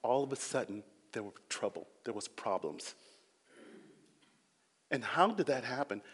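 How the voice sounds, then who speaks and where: A man preaching a sermon with earnest swings between loud emphasis and quiet passages, acting out quoted voices. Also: medium pitch, lively intonation, a little slow, husky. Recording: long hall reverb.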